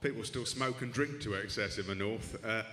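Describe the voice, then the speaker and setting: Low-voiced dry stand-up comic. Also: male voice, a little fast, pushed and bright. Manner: dry, rambling, self-deprecating asides with many restarts. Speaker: stand-up comedian. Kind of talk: stand-up comedy set. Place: comedy club stage with live audience. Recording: echoey club room with audience noise.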